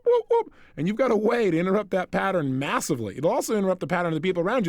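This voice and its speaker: A self-help coach speaking to the listener in an energetic, direct recorded lecture. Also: male voice, sits high, very fast, no room sound, clean studio sound.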